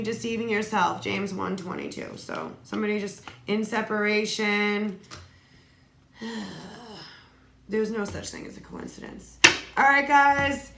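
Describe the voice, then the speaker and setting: A woman's voice: mid-range voice, unhurried, vocal fry, long pauses. A woman giving a solo tarot reading, reading card phrases aloud and adding casual asides. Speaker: tarot reader. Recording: echoey room, faint noise.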